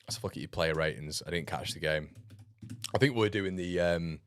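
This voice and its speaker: A man's voice: sits low, brisk. A man hosting a casual football livestream, reading viewer comments with blunt, sarcastic remarks and frequent laughs. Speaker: football fan channel host.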